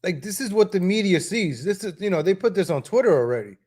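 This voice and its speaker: Brief: man, higher-pitched voice, casual live-stream host, chatty and scolding. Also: expressive, quick pace, darkish tone. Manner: talks straight to viewers, scolding and chuckling; repeats himself with tag questions.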